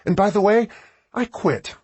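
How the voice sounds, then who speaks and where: A biting, sarcastic office worker in an audiobook scene, voiced by a man whose voice is pushed well higher than his own. The delivery swoops and jabs, and the husky tone makes each line cut. The recording is dry and close. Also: animated, measured pace, darkish tone, dry recording, exaggerated voice. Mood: furious sarcastic. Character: angry office woman, sharp and sarcastic.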